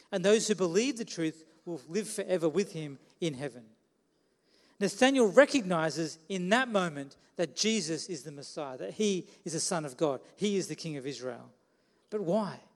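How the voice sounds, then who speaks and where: A man's voice: sits high, in a large hall. A man preaching a sermon in a conversational way, putting questions to the listeners.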